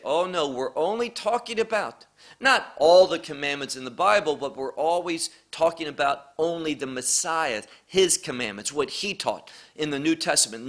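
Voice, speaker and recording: A man teaching through a Bible chapter verse by verse, slow and deliberate, repeating key phrases for emphasis. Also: fairly high pitch, sharp tone.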